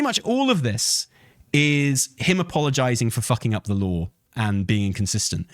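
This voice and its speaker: Animated, profane man ranting at chat. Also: medium pitch, unhurried, no echo, studio quality. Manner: profane, heated, argumentative, swings to shouting. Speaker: streamer answering chat. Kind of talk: live commentary, reading a post aloud and replying.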